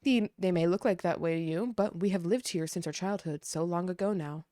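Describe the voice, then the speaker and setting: A woman voicing a weary, solemn old man while reading game dialogue aloud in a slow, heavy way. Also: fairly low pitch, warm tone, dry recording, studio quality, natural voice.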